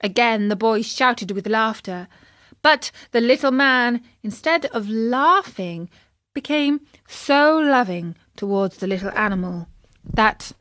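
A woman reading a children's story aloud, slowly and expressively. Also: fairly high pitch, animated, fairly bright tone, no room sound, clean studio sound.

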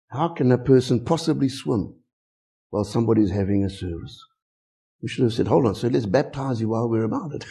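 Man, South African accent, pastor's sermon, lively pitch, mellow dark tone, storytelling. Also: vocal fry, slightly rough. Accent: South African English. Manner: animated storytelling, rhetorical questions.

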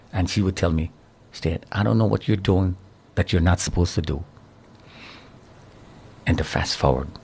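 A middle-aged man giving his testimony in an interview, telling it with animated storytelling and a preaching tone. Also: deep voice, slight background noise. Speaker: interview guest, survivor.

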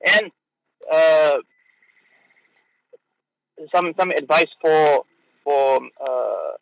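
A man, a mufti, giving an unscripted religious talk on the radio, halting with fillers and repeated words. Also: on the high side, expressive, creaky, no echo, muffled recording.

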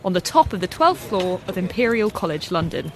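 A woman's voice: fairly low pitch, big pitch swings, fairly quick. A female presenter narrating a documentary and interviewing guests, curious and lightly humorous. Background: music.

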